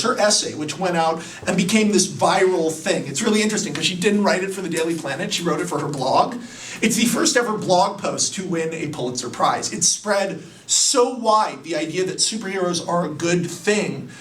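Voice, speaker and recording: A man excitedly pitching a story in a chatty, casual way, laughing at his own ideas. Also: recorded from a distance. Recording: roomy, away from the mic.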